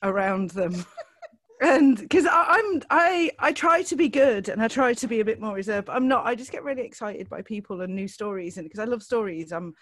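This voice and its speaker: A woman's voice: fairly high pitch, animated, a little fast, a bit bright, dry recording. A woman from Lincolnshire with an English accent, chatting and teasing her friends with a storyteller's flow. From Lincolnshire, England. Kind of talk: casual chat.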